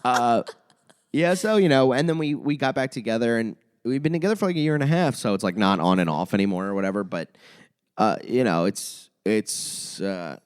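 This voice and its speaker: A young man and comedian chatting casually as a podcast guest, telling an animated story and swearing a lot. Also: mid-range voice, a little fast, smooth. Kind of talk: casual chat.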